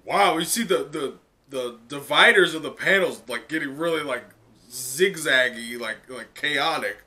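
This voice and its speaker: A man reacting live to a comic chapter in casual, excited talk full of "like" and laughs. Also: a little high, unhurried. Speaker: manga reaction streamer.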